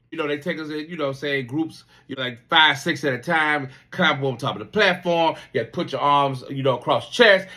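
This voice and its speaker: A man's voice: a little high, sharp tone. A man in his fifties, a Navy veteran, telling a story casually with a lot of profanity and repeated words. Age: 50s.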